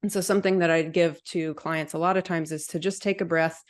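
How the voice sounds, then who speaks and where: A woman speaks as a dietitian guest in an interview, explaining things calmly. Her voice sits low for a woman. She talks at an even, unhurried pace. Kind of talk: interview answers.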